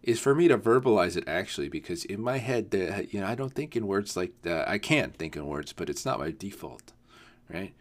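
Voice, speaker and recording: Man, low voice, lively swooping pitch, rambling casual podcast talk, cusses a lot. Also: fairly quick. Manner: rambling, swears often, laughs at himself. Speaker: podcast host. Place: home, not on camera.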